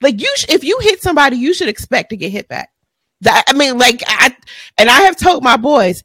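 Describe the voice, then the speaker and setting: Podcast co-host: a high-pitched woman with a drawl, lively and blunt, sometimes profane, recorded dry. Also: fairly quick, slightly rough, no echo. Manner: blunt, animated, profane ranting. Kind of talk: casual chat.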